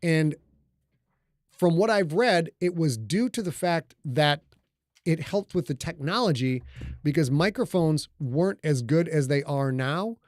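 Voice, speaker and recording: A man's voice: fairly high pitch, animated, unhurried, a little mellow, dry recording, clean studio sound. A middle-aged man hosting a casual livestream, talking loosely and joking with his audience. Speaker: livestream host and author. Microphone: studio microphone.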